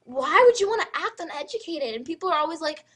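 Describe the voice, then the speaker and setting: A teenage girl ranting to camera in a vlog, emphatic and animated, with lots of "like" fillers. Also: extremely high pitch, quick pace. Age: teens. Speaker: high school student vlogger.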